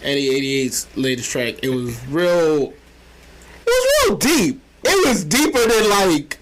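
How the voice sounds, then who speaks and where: Male podcast co-host, lively swinging pitch, loose rambling delivery. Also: a little slow, a little hiss or hum, rough recording. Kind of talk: casual chat.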